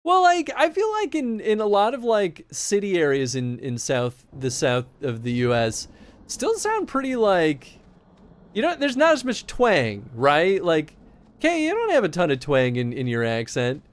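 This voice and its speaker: Casual male streamer, light Chicago accent, animated, chatty. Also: sits high, a little slow. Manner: rambling, chatty, laughs often. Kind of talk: casual live-stream chat.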